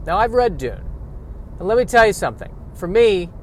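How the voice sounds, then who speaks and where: A man's voice: high-pitched, sing-song, normal speed, slight background noise. A man hosting a solo comedy podcast from inside his car, delivering self-deprecating rants and comic asides while he drives. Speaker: podcast host. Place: in a car, driving and parking.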